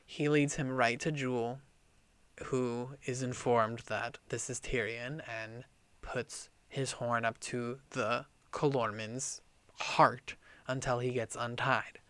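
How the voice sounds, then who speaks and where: An animated man co-hosts a casual book podcast, retelling the story with cursing and quick acted-out lines. His voice is bright and forward. The recording is close and dry. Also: mid-range voice, no echo. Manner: animated, profane, acts out lines. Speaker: podcast co-host. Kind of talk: casual book-club chat, retelling the plot.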